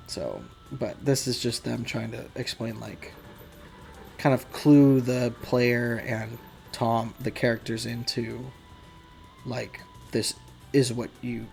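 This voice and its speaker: Slow gravelly-voiced man, game dev commentary. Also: mid-range voice, a little mellow. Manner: rambling, self-deprecating, laughs often. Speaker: game developer. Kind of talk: casual behind-the-scenes commentary.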